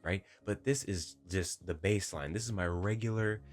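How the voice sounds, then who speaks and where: A young man talking to his viewers in a gentle, inviting, emotive way, with deliberate pauses. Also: low-pitched. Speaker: voice-focused video creator. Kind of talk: reflective talk to camera. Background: faint background music.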